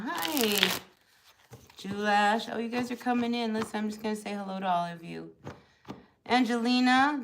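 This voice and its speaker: Chatty tarot reader with a Jersey accent. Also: female voice, mid-range voice, background noise. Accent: New Jersey. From New Jersey. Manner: chatty, loose, rambling with many fillers. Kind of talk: live-stream tarot reading.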